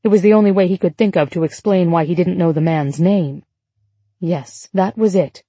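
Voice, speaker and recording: A woman narrating an audiobook in a steady, measured storytelling voice. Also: lowish voice, husky, no echo. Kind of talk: scripted narration.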